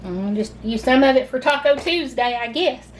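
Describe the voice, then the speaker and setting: A Southern woman hosts a casual home cooking video, walking viewers through the steps in a chatty, gushing way and saying "y'all" a lot. Her voice is high-pitched with lively intonation and a slightly fast pace. There's a little hiss or hum in the audio.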